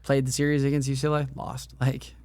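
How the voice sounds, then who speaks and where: This podcast host speaks at medium pitch with a totally flat, quick delivery and a darkish tone, captured in a dry recording. In casual interview chat, his questions wander on at length, stuffed with "like."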